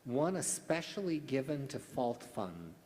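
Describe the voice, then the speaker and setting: A man's voice: medium pitch, very animated, a little mellow, slight background noise. A man serving as pronouncer at a spelling bee, reading out words and their definitions in a formal, carefully enunciated manner. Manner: slow, deliberate enunciation. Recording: echoey hall.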